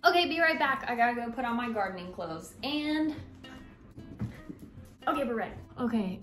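This American vlogger, a young woman in her twenties, chats while gardening indoors and in her yard, hyper and bubbly and prone to rambling. Her fairly high, fairly bright voice is animated at a normal speed, with long pauses and faint music behind.

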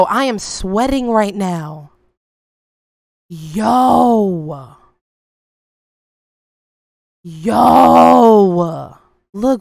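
A young woman casually commenting on her gameplay for viewers, excitable and quick to exclaim, with a lot of casual slang. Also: fairly high pitch, no room sound. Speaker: game streamer.

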